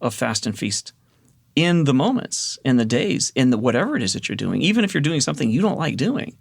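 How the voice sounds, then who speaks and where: Gravelly-voiced man in animated podcast chat. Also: mid-range voice, a little fast, no echo, clean studio sound. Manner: animated, self-deprecating storyteller. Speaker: podcast co-host. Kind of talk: casual podcast conversation.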